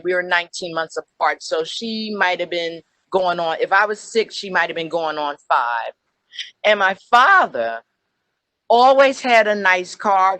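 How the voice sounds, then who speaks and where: An older woman telling a personal story on a video call, animated and acting out the voices she quotes. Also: lowish voice, no room sound. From New Jersey. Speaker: webinar presenter.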